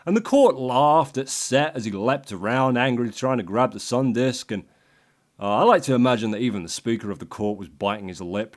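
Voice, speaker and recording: A man's voice: on the low side, brisk. A man narrating a myth as a crude, sardonic comic story. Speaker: host.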